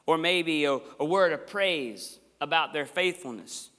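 A man's voice: on the high side, measured pace, pushed and bright. A man preaching a sermon as pastor in a church sanctuary, passionate and emphatic, with folksy asides to the congregation. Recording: long echoey church hall reverb.

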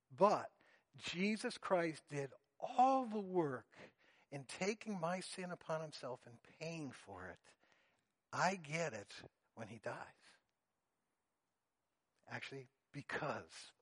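A man preaching a sermon, earnest and deliberate, explaining a Bible passage to his congregation. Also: a little high, slightly rough. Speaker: pastor.

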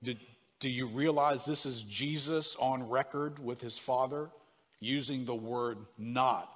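A man's voice: medium pitch, steady tone, unhurried, long reverb tail. A man preaching a sermon, leaning hard on single words and putting questions to the congregation. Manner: emphatic, stresses single words, asks the room questions. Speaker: pastor.

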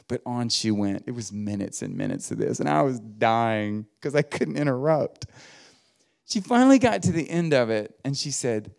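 A middle-aged man delivers a sermon, his voice carrying a gravelly edge. He tells stories in a folksy, easygoing way. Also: mid-range voice, huge pitch swings, moderate pace, darkish tone. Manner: folksy storytelling with laughs and quoted voices. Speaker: pastor.

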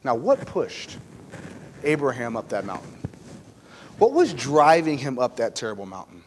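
A man preaching a sermon with impassioned emphasis, swinging from loud to hushed. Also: medium pitch, sing-song, normal speed. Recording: long hall reverb, faint noise.

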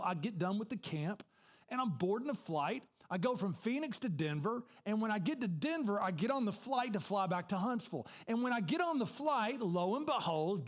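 High-voiced preacher telling a story. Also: male voice. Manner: storytelling, conversational with y'all asides. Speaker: pastor. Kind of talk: sermon.

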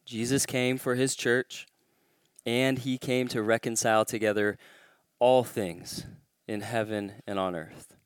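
A man delivers a sermon from the pulpit, deliberate and unhurried. His voice is smooth and resonant and sits close and dry. He leans into key phrases with growing emphasis. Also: medium pitch, fairly even intonation, dry recording. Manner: emphatic, rising to stress key claims. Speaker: pastor.

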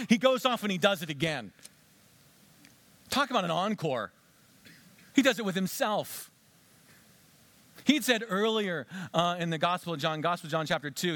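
A male preacher delivering a sermon as dramatic storytelling, swinging from hushed whispers to shouting and asking listeners direct questions. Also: fairly high pitch, dry recording.

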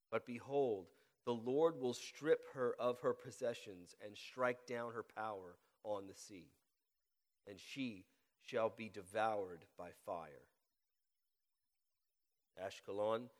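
A male pastor with a head cold preaches in a church, his voice carrying a long reverb through the hall. He reads scripture with a deliberately slowed cadence, rising in volume on key lines. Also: mid-range voice. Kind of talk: sermon with scripture reading and prayer. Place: church sanctuary.

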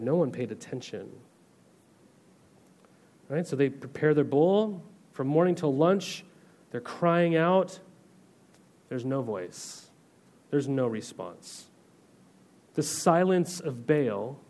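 A man's voice: medium pitch, darkish tone. A man pastor giving a conversational sermon, reading scripture and then explaining it in everyday terms with frequent rhetorical questions. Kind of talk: sermon teaching.

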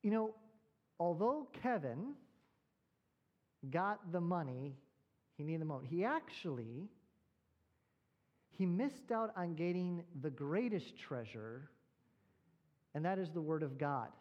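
A male pastor preaching a sermon in a fairly high voice. He tells a story and then asks rhetorical questions. The recording sounds dull and lo-fi. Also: big pitch swings, slow pace, pauses often.

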